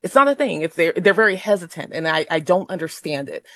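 A woman speaking as a guest paranormal investigator on a call-in radio show. She talks in an animated, expressive way, with quick restarts. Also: lowish voice, dry recording. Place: Los Angeles.

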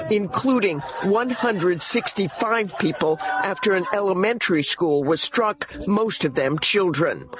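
A male reporter delivers a formal news report. His voice sits high, and crowd noise is clearly audible behind him.

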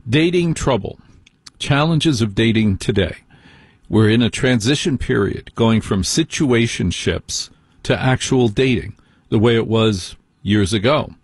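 A man's voice: mid-range voice, husky, no echo, clean studio sound. A man hosting a call-in radio show, giving opinionated dating advice with playful asides. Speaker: radio host.

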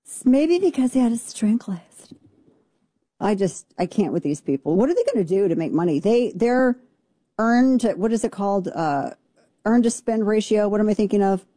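A woman hosting a show, giving sassy, mocking political commentary in a quick, casual way. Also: mid-range voice, animated, mellow, no room sound. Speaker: show host.

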